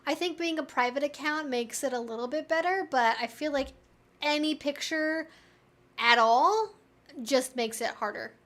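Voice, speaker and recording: A chatty woman with a high, slightly bright voice hosts a live stream from home with her pets around, answering viewer questions at a moderate pace. She's casual and candid, sprinkling "like" throughout.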